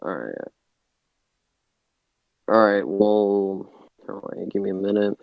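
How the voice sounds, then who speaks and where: A man's voice: fairly low pitch, expressive, slow, creaky, clean tone, no echo, narrow, tinny audio. A young man arguing in a casual online debate, hesitant, filling his talk with "like" and losing his thread. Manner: hesitant, heavy filler words, loses track.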